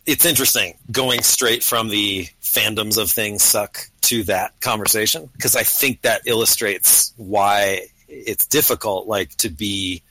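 A man's voice: on the low side, unhurried, few pauses, pushed and bright, no room sound, rough recording. A man co-hosting a podcast in casual chat, with dry, wry remarks. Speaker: podcast co-host.

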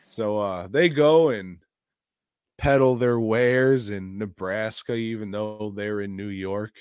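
A man's voice: fairly low pitch, slow, darkish tone, clean tone, dry recording, studio quality. A man co-hosting a podcast, retelling a movie's plot in casual, profane, jokey chat. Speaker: podcast co-host.

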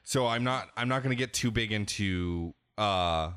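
A man's voice: on the low side, moderate pace, fairly bright tone, smooth, no room sound, clean studio sound. A man hosting a podcast, candidly rambling through a casual game discussion and often restarting his sentences. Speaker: podcast host.

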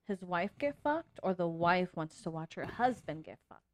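A woman's voice: fairly low pitch, moderate pace. An American woman talking as a studio guest, telling stories candidly with lots of fillers. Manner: lively, candid storytelling with many fillers. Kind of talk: casual chat.

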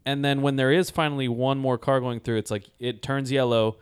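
A man talking casually with friends in a smooth, clear, mid-pitched voice. He tells his stories in long, detailed, rambling turns. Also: steady tone, a little fast. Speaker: podcast co-host. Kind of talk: casual chat.

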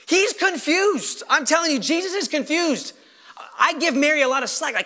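A man preaching a sermon as pastor, animated, firing rhetorical questions and acting out quoted voices. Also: very high voice, moderate pace.

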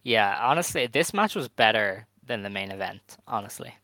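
Podcast guy going through match results, lowish bright voice, dry sound, blunt opinions. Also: animated, moderate pace, no room sound. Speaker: podcast co-host. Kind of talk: casual chat.

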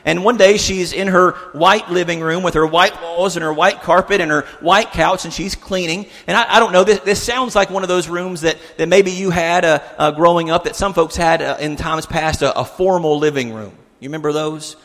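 A man's voice: on the high side, steady tone, moderate pace, few pauses, a bit bright. Earnest preacher man in a reverberant hall. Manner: earnest storytelling with repetitions and restarts. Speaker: pastor. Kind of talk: sermon.

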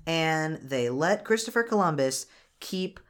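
A podcast host talking through a cartoon plot, dry and sarcastic, tossing off jokes as the story goes. The voice sits at a middle pitch and the delivery is relaxed and conversational. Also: a little slow, smooth. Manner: wry, sarcastic recapping with frequent laughs. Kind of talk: casual movie recap chat.

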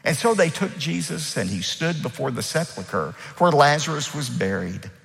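Pastor, male, emphatic sermon delivery with a lively rising and falling pitch, long echo of a big church hall. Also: normal speed, creaky. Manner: emphatic preaching, acts out quoted speech.

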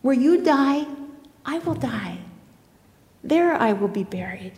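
Woman reading as a loyal young woman, slow solemn vow, higher voice. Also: lively intonation, darkish tone. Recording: echoey hall.

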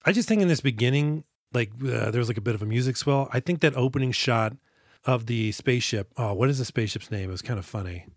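A man's voice: mid-range voice, fast talker, no room sound. A man co-hosting a film podcast in a loose, rambling way, trailing off and restarting his thoughts. He sits close to the mic in a dry, dead room. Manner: rambling, self-interrupting, quotes characters in mock voices. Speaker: podcast co-host. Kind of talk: casual movie discussion.

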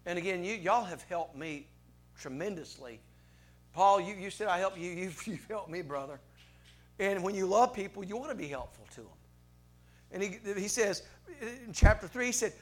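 A man preaching a heartfelt farewell sermon and closing in prayer, impassioned and repeating himself, swinging between loud and soft. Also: high voice, animated, normal speed.

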